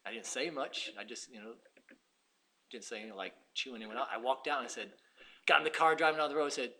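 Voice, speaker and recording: A man preaching a sermon, dropping to hushed asides and rising to shouted emphasis. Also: medium pitch, fast.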